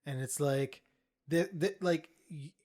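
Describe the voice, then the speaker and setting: A man's voice: a little high, slow, darkish tone. A man hosting a casual podcast chat, listening with short replies and then reflecting on his friend's story. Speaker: podcast host.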